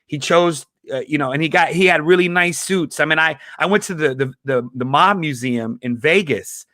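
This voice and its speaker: Lively storytelling man, comedian. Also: on the high side, moderate pace, no room sound, studio quality. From Chicago. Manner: animated, laughs often, acts out quoted voices. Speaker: comedian guest. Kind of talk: casual storytelling in an interview.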